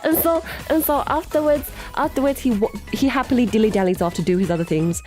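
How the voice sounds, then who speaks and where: A woman's voice: on the high side, fast, darkish tone. Giggly woman streamer rambling through a story, faint music behind. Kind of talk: casual storytelling chat.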